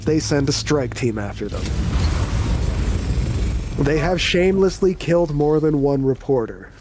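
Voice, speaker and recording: A male game master narrating a tabletop game in a loose, rambling style and swearing freely. His voice sits a little high for a man, with a faint noise floor underneath. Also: animated, measured pace, a little mellow. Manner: casual, rambling, profane.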